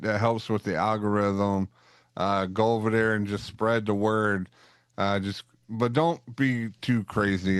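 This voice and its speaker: Low, smooth-voiced joking male host. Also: dry recording, clean studio sound. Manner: joking, rambling, with many fillers and restarts. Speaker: podcast host. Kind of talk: casual interview chat.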